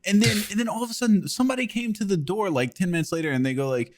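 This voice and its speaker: A man co-hosting a podcast, telling a rambling, animated story with laughs in casual chat. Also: high-pitched, very fast, slight background noise. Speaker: podcast co-host.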